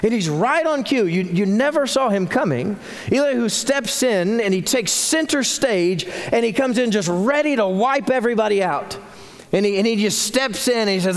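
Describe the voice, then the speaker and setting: A man preaching a sermon as senior pastor, telling the story in an animated way with frequent restarts. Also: high-pitched, normal speed, big-room sound.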